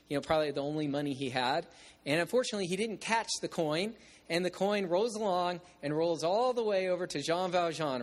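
Man preaching with expressive storytelling. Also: on the high side. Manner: expressive, shifting voices while reading aloud, halting restarts. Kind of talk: sermon retelling and reading a novel.

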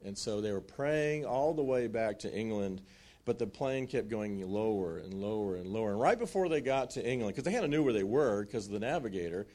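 Male preacher, mid-range voice, relaxed storyteller acting out the scenes. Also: mid-range voice. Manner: animated storytelling with restarts and acted quotes. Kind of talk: sermon storytelling.

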